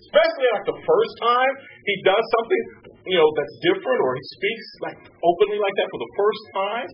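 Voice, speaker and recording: A man preaching a sermon, swinging from high exclamations down to low hushed tones. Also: expressive, a little fast. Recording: distant mic, muffled sound, faint hum.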